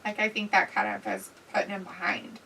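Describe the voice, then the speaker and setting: A woman's voice: medium pitch, little pitch movement, brisk, creaky, pushed and bright, distant mic, slight background noise, rough recording. Crude joking woman on a live stream. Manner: crude, joking, reads chat comments aloud. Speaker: co-host reacting to a wrestling show. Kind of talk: casual live-stream commentary.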